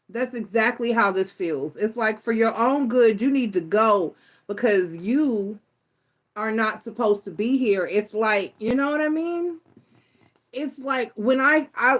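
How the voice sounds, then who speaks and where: A woman's voice: mid-range voice, fairly bright tone. A woman giving a casual live tarot reading, blunt and profane, rambling through stories as she talks. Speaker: tarot reader.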